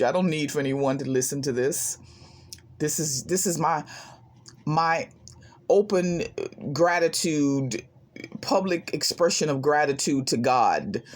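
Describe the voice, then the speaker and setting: A woman hosting a self-help channel, talking in an animated, emphatic way and laughing often as she shares a spiritual monologue. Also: deep voice.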